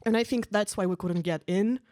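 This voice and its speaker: A woman's voice: medium pitch, brisk, warm tone, no echo, clean studio sound. Young woman doing chatty stand-up. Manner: casual, chatty, full of "like" and "um". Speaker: stand-up comedian. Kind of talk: stand-up comedy set. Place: stage at a live event.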